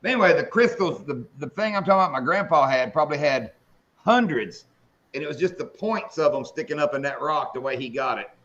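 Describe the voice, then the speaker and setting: A man's voice: fairly high pitch, expressive, a little fast, fairly bright tone, muffled recording. A man hosting a casual fishing live stream, joking with chat, swearing freely and telling bar jokes.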